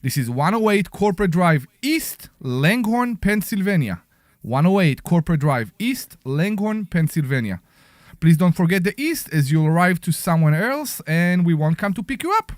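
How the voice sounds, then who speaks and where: A man's voice: high-pitched, sing-song, moderate pace, dry recording. A man with an Israeli accent hosting a casual radio talk show from a studio, joking and poking fun at himself. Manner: joking, self-mocking.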